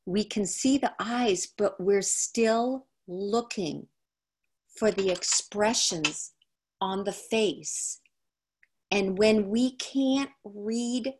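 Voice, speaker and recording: A woman talks slowly and deliberately, like a teacher guiding a class through an idea. She repeats her key phrases to drive them home. Her voice sits at an ordinary middle pitch and comes through a video call. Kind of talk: explanatory teaching talk.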